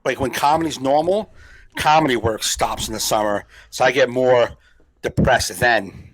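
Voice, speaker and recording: A man's voice: medium pitch, moderate pace. A man with a New Jersey accent, co-hosting a podcast as a comedian in casual chat, laughing often and riffing playfully.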